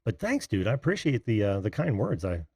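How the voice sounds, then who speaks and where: A laid-back man hosting a live video call-in show, laughing easily as he talks. His pitch is middling but moves around a lot, and the sound is dry and close. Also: a little fast, husky, dry recording. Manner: laughs often, easygoing, relaxed. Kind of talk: casual video call chat.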